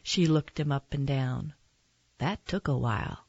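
Slow, gentle woman reading a storybook. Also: rumbling low, vocal fry, slightly rough, dry recording, highs cut off. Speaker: narrator. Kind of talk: reading a children's picture book aloud.

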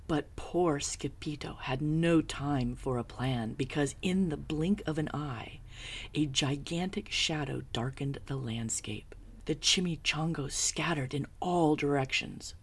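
Storybook narrator: woman, low-pitched, unhurried, husky, hushed whispery telling. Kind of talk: children's picture book reading.

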